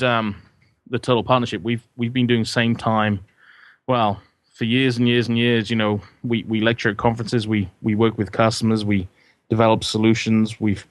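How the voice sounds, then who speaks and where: A man's voice: lowish voice, little pitch movement, fairly quick, no echo. Chatty man, dry close sound. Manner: chatty, rambling with restarts and jokes. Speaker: guest consultant. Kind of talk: casual podcast chat.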